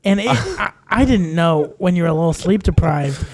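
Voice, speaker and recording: A man's voice: a little high, animated, creaky. A man co-hosting a podcast in casual chat, teasing his friend and laughing often. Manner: teasing, laughs often, quick bursts when worked up. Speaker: podcast co-host.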